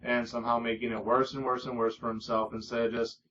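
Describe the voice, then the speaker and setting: A man's voice: medium pitch, level tone, quick pace, a bit bright, lo-fi sound, slight background noise. A man giving a casual spoken movie review, rambling with lots of fillers and the odd swear word.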